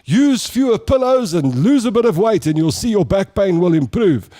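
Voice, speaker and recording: A man's voice: high voice, animated, normal speed, warm tone, voice pushed up. A man voicing an older male radio doctor who questions a caller and lectures her in a patronising way. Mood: lecturing.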